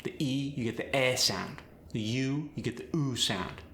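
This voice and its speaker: A man coaching accents, explaining step by step in a clear, instructional way. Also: mid-range voice, moderate pace, fairly bright tone, roomy sound, a little hiss or hum. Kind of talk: instructional lesson.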